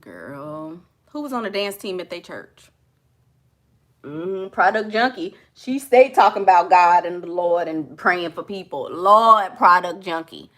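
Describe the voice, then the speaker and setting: Sassy, lively woman chatting with viewers. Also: on the low side, measured pace. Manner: sassy, teasing, lots of laughter, colloquial. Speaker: livestream host. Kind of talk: casual live chat reacting to viewers.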